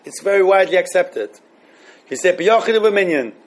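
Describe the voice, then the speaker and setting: Man, high voice, teaching a class, thinking aloud, repetitive, answers student questions. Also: expressive, normal speed. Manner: thinking aloud, repeating phrases, mixing Hebrew terms.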